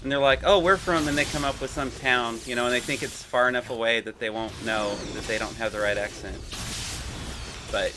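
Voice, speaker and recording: A man's voice: medium pitch, flat delivery, brisk, noisy background. A man rambling through a thought in casual gaming chat, searching for words. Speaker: gamer in voice chat.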